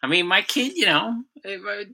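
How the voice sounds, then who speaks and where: Man, podcast co-host, very bright sharp voice, chatty, quick to react. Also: high-pitched, lively intonation. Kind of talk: casual podcast banter.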